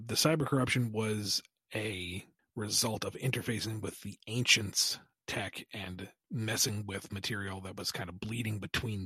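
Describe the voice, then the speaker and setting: A man with dry, wry humor answers listener questions at an unhurried pace. His voice sits close on a podcast mic with almost no room sound. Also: lowish voice, sharp tone, slightly rough, no room sound. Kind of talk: casual podcast Q&A.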